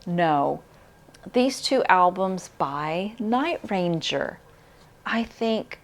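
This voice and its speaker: A middle-aged woman hosting a vinyl record channel, talking casually to camera in a reflective, heartfelt way, often pausing with "uh" and "um.". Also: lowish voice.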